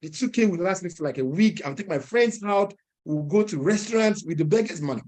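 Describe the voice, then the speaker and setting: Speaking fairly quickly in a high-pitched voice, a young adult man shares a personal story at an entrepreneurs' gathering. He's lively, laughs softly as he goes, and performs the lines of the people in his story.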